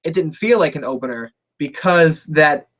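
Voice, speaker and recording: Man, fairly high voice, casual podcast host, swears a lot, relaxed. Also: moderate pace. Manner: relaxed, profane, laughs easily. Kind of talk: casual wrestling podcast chat.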